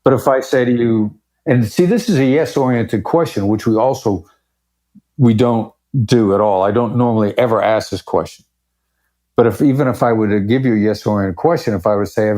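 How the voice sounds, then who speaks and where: A warm, fairly quick voice on the low side belongs to this male podcast guest. An expert in negotiation, he explains his views emphatically during a conversational interview, changing his pace to make an impact.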